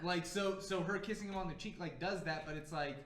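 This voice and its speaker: A man on a casual podcast chat, talking haltingly with many fillers. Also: high-pitched, a bit bright. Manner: hesitant, lots of fillers. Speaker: podcast co-host. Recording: roomy echo.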